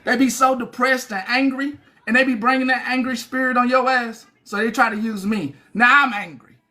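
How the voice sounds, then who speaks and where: A bright, sharp-toned voice addressing a livestream chat in a long monologue. The talk is coarse and mocking, circling back over the same jabs again and again. It has the close, informal sound of a phone held indoors at home. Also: mid-range voice, fairly even intonation, normal speed. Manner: profane, taunting, repetitive.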